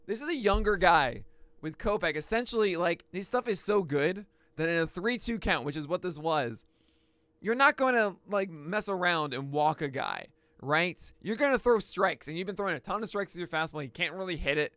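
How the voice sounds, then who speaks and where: A man hosting a pitching analysis, talking through each pitch with excitable outbursts. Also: normal speed, dry recording. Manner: excitable, bursts into shouts and laughs. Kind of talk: excited play-by-play pitch breakdown.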